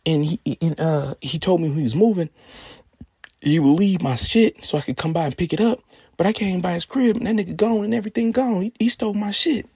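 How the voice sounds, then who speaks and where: A man's voice: high-pitched, a little fast, a little mellow, husky, no room sound, clean studio sound, pitched above the performer's own voice. A man voicing an upset young man who complains in an agitated, profane way. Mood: aggrieved.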